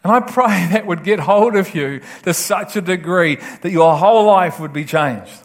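Impassioned preacher, high voice. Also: male voice, moderate pace. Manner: impassioned, laughing, acts out quoted voices. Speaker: pastor. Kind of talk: sermon.

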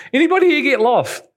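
A man from England, preaching a sermon and telling stories with sudden high jumps in pitch. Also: a bit bright. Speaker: pastor.

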